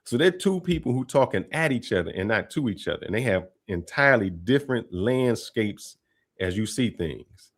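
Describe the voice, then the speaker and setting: Low-pitched male commentator, casual and talkative, reacting to a clip. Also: normal speed. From Detroit, Michigan. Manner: relaxed, chatty, slangy delivery with laughs.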